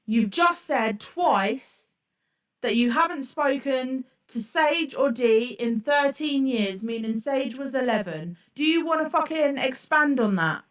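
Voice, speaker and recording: A woman's voice: sits high, animated, slow, distant mic. A woman streamer ranting furiously on a live reaction stream, swearing and throwing accusations.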